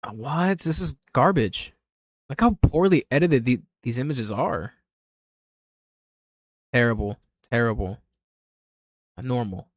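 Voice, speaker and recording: A man's voice: mid-range voice, unhurried, long pauses, no room sound, clean studio sound. A man streaming casually, ranking images with blunt, offhand remarks and frequent swearing. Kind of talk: casual livestream commentary.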